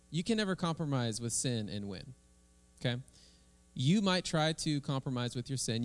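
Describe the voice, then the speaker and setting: A man, a pastor, leading prayer and preaching a sermon in a relaxed, conversational way. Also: mid-range voice.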